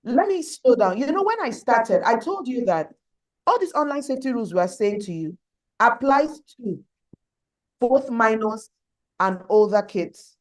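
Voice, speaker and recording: A woman's voice: fairly high pitch, expressive, moderate pace. A woman teaching girls in an online class, earnest and emphatic, repeating her key points.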